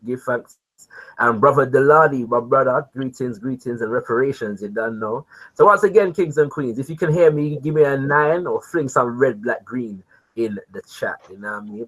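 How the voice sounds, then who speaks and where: A man hosting a live online talk show, greeting his viewers. He talks in an animated, informal way, with many "you know what I mean" fillers. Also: medium pitch, slightly rough, rough recording. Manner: animated, repeatedly addresses viewers as kings and queens. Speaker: livestream show host.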